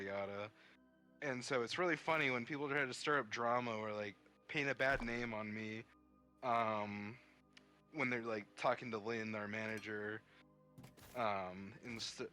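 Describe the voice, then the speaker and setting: A man's voice: mid-range voice, sharp tone. A man chatting casually on a livestream, swearing as he tells stories about work and acts out both sides of the conversations.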